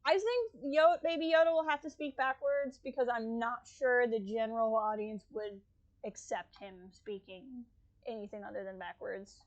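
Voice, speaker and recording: A young woman commenting on a game stream, with a slightly high voice and a loose, giggly delivery. She mixes reading game dialogue with rambling asides into her desk mic. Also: normal speed, no echo, muffled recording. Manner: chatty, giggly, reads game text aloud.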